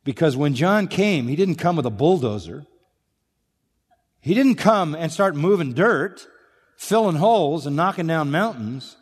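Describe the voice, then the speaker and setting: A man's voice: on the high side, lively intonation, a little slow, slightly rough, long reverb tail. A man preaching an expository sermon, emphatic, rising on rhetorical questions and dropping to near-whispers.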